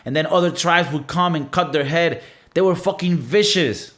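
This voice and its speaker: A man's voice: on the high side, moderate pace, a bit bright. Blunt, cussing man from Venezuela. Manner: blunt, profane, emphatic with lots of fillers. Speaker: podcast host. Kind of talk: casual monologue.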